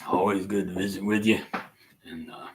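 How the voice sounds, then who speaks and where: An older man with a Southern accent from the North Carolina mountains, hosting a casual live chat in a folksy, rambling way with drawn-out fillers. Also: sits low, steady tone, slight background noise. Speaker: livestream host and musician.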